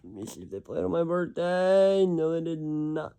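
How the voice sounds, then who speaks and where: A man talks casually on his own, rambling and correcting himself as he reads through long lists. His voice sits a little high and sounds smooth and clear. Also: sing-song, moderate pace, dark tone. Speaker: hockey fan ranking team schedules. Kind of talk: casual solo commentary.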